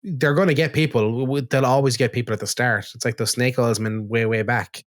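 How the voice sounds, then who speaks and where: A young Irish man co-hosting a podcast in a loose, chatty way. He tells stories with energy, slips into the voices of the people he quotes and swears without a second thought. His voice sits at a middling pitch. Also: brisk. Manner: animated storytelling, acts out quoted exchanges, swears casually. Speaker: podcast co-host. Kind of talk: casual chat.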